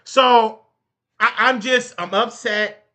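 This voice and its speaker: A man's voice: very high voice, steady tone, takes it slowly, bright, forceful tone. A man hosting a show, delivering a heated, theatrical comedic rant full of stammered outrage and asides to a sidekick. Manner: addresses a sidekick and the audience. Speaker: show host.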